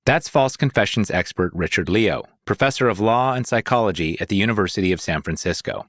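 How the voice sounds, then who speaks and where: A man narrating a scripted podcast in a steady, deliberate way. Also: fairly low pitch, dry recording, studio quality. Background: music.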